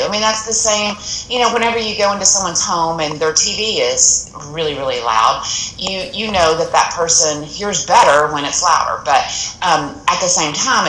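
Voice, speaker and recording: A woman's voice: low voice, bright, forceful tone, reverberant, a little hiss or hum, low-quality recording. A woman appearing as a guest on a TV talk segment, explaining practical tips earnestly and often restarting her sentences. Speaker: audiologist guest. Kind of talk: TV interview advice.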